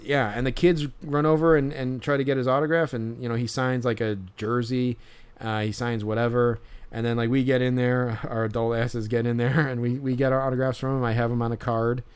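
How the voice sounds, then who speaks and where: The podcast host, a young man, speaks fairly quickly in a smooth, mid-range voice with little pitch movement. He tells a story in loose, casual chat, rambling with lots of fillers and restarts while laughing along.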